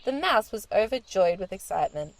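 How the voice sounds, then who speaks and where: A woman reading a children's storybook aloud in a gentle, expressive storytelling manner. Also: mid-range voice, fairly quick, creaky.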